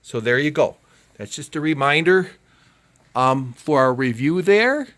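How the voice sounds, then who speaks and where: A man teaching a home learning video lesson, talking children through the work in a casual, encouraging way and thinking out loud. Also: on the high side, animated, measured pace.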